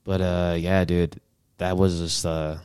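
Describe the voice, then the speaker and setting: A man's voice: sits low, little pitch movement, slow pace, darkish tone, smooth, no echo, studio quality. A man as a podcast guest, telling dating stories in casual chat, laid-back and slangy, laughing often.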